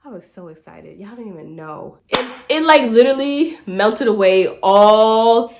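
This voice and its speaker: A woman vlogger, telling a casual story and acting out quotes in high voices, laughing often.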